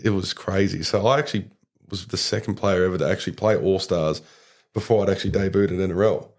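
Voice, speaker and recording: A young Australian man tells a story in a casual podcast chat. His voice sits very low and carries a gravelly fry. He rambles from thought to thought and leans on fillers. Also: fairly even intonation, fast. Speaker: podcast guest, rugby league player.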